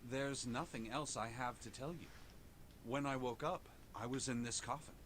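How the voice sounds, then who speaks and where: An actor voicing a composed, refined young man in a video game, formal and measured in his speech. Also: mid-range voice, fairly bright tone, slight background noise, lightly acted. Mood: calm.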